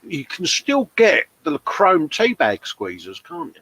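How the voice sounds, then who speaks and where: A man's voice: a little high, huge pitch swings, slow, a bit bright, husky, no room sound. A British man in his fifties, co-hosting a casual livestream chat, jokey and matey as he reads out viewer comments. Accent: British English. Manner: chatty, jokey, says "mate" a lot. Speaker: livestream co-host.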